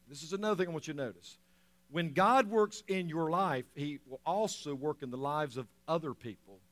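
A man preaching a sermon, swinging between loud emphatic lines and soft quiet ones, with chuckles between points. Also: a little high. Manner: animated preaching, rising loud then dropping soft. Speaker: pastor.

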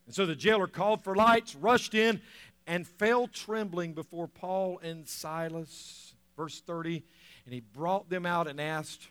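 High-voiced man preaching a sermon. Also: moderate pace. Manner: animated preaching, rising loud then dropping soft. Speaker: pastor.

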